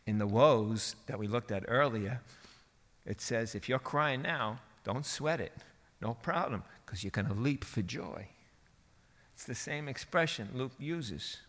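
A man preaching a sermon in a lively, colloquial way, swinging from quiet asides to excited shouting. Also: mid-range voice, in a large hall.

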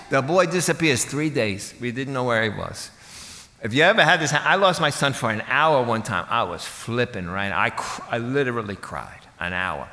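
Guy preaching, chatty and jokey, bright forceful voice, echo from a big church hall. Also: mid-range voice. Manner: conversational, jokey, acts out voices of people in the story. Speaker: pastor. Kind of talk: sermon.

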